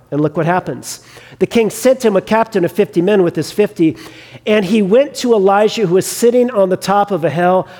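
Male preacher who acts out scripture stories, with a high voice and long hall reverb. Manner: animated storytelling, acting out the characters. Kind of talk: sermon retelling a scripture story.

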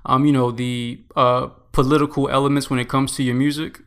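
A male interviewer talks in long, loose questions full of ums and you-knows. His voice is smooth and clear, set at an ordinary middle pitch. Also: flat delivery, brisk, a bit bright. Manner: rambling questions with many fillers. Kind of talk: casual interview.

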